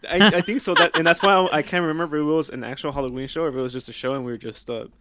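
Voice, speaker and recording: A man's voice: fairly high pitch, fairly even intonation, racing, noisy background. A man telling a story in casual chat, laughing often, swearing freely and dropping in Spanish slang.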